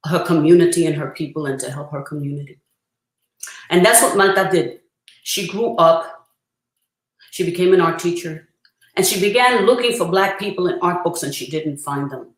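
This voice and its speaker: A priestess presenting a spiritual workshop, talking earnestly and reverently with frequent pauses, and reciting a prayer. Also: female voice, lowish voice. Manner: earnest, reverent, pausing often to gather thoughts. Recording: roomy echo.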